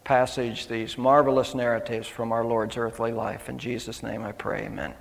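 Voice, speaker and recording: A man's voice: medium pitch, little pitch movement, moderate pace, vocal fry, long reverb tail, a little hiss or hum. A middle-aged male pastor preaching a sermon in a conversational way, with asides and restarts.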